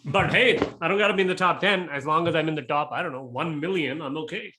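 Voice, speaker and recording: A man with a fairly high voice answers interview questions bluntly and frankly, talking in quick bursts. He sounds like he is in a room with a lot of echo, and his speech lands on the plain facts without dressing them up. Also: noisy background. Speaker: interview guest, real estate investor. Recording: echoey room.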